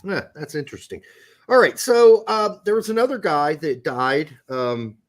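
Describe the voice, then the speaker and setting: High, lively-voiced joking male host. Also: moderate pace. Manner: joking, profane, laughs often. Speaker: podcast host. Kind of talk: casual crude banter.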